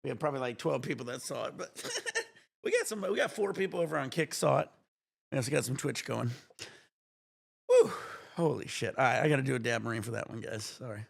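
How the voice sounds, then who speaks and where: Gravelly excitable man streaming. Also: medium pitch, a little fast, pauses often. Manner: excitable, swearing, breathless exclamations and laughs. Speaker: livestream gamer. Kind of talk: excited casual livestream chat.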